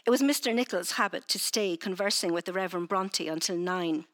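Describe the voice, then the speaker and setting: Brief: a woman novelist with a lowish voice, hesitant in chat, steady when reading aloud. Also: brisk. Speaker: author.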